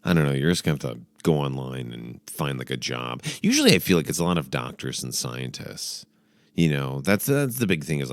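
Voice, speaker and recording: A very low, gravelly man rambles through comic advice with a swinging, animated pitch. He swears freely and turns sarcastic, and the sound is dry and close to the mic. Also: fairly quick, no echo. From United States. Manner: sarcastic, profane, animated, puts on mock accents. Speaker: comedy podcast host.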